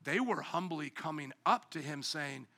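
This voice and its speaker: A man preaching a sermon as pastor, animated, acting out little voices and sometimes shouting. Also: on the high side, normal speed.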